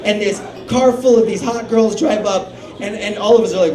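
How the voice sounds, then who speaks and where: A man tells a rowdy story on stage, cursing freely and jumping into his friends' voices. He's heard from a distance in a roomy bar, and a lively crowd laughs along behind him. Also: sits high, normal speed. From Salt Lake City area. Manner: animated, swearing, acting out friends' lines. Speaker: stand-up comedian. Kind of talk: stand-up storytelling.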